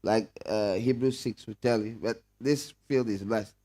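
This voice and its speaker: A man's voice: on the low side, fairly even intonation, a little slow, warm tone. A man leading a prayer meeting Bible study, talking conversationally and asking the room questions. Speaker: pastor.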